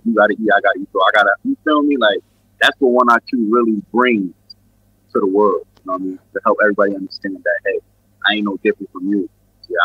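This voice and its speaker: A man's voice: lowish voice, husky, dry recording, lo-fi sound. A man from New York with a New York accent, a guest musician rambling in a laid-back, casual interview full of fillers. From Queens and Brooklyn, New York.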